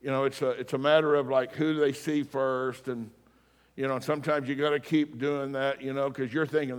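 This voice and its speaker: This male pastor's voice sits at medium pitch with little pitch movement and a moderate pace. He preaches in a church sanctuary, telling stories casually and poking fun at himself, with the long reverb of a hall behind him.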